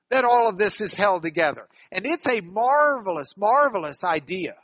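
A man preaching a sermon as pastor, hammering single words with big swings in loudness and leading the congregation in call-and-response. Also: sits high, expressive, normal speed, hardly any pauses, dry recording. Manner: ends in a quiet, soft-spoken prayer.

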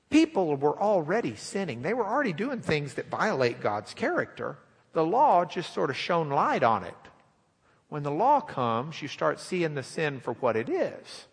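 A man preaching a sermon in a folksy, animated, joking way in a church sanctuary. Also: a little high, gravelly, husky, long reverb tail.

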